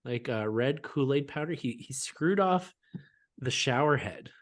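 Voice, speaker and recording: A man with a mid-range voice co-hosts a relaxed podcast conversation. He laughs readily and drops in teasing remarks. He tells his own stories in a loose, unhurried way. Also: medium pitch. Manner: easygoing, laughs often, teasing asides. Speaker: co-host. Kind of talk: casual chat.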